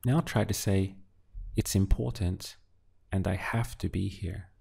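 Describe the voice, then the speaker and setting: Man, language teacher, slow deliberate delivery, gravelly, lowish voice. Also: fairly even intonation, mellow. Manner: patient prompts, then clear model answers.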